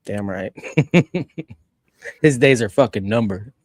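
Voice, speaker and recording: A man's voice: lowish voice, lively intonation, takes it slowly, darkish tone, no room sound. A man joining a live stream as co-host, chatting casually and swearing easily. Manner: laid-back, profane, laughing. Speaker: co-host guest.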